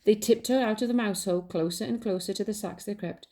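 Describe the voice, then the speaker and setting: A woman teacher reading a picture book aloud to children, pausing to point out the pictures. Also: mid-range voice. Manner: gentle, asks children to look at pictures. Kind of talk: storybook read-aloud for children.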